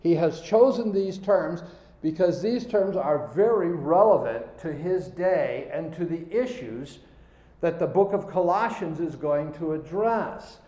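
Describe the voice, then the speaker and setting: A man's voice: on the high side, expressive, unhurried, warm tone, reverberant, low-quality recording. A man preaching a sermon, reading scripture aloud and stressing key words as he goes.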